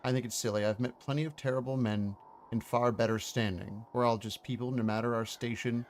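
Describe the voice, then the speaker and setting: A man's voice: mid-range voice, steady tone, fairly quick, slight background noise, natural voice. A man voicing a frank young lady of an old manor, speaking in a candid, genteel, old-fashioned way.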